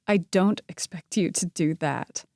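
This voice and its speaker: Woman voicing a young woman, curious, lively, questioning, a bit wary, dry close sound. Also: fairly low pitch, measured pace, dry recording.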